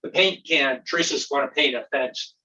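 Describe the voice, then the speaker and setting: A man's voice: medium pitch, normal speed, pushed and bright, far from the mic, highs cut off. A man serving as a county supervisor, joking and playful in a meeting held over a video call.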